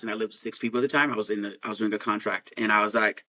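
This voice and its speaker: A man's voice: fairly low pitch, steady tone, rapid-fire, bright, forceful tone, poor audio. A man telling a personal story in a frank, rambling way, with many fillers and restarts.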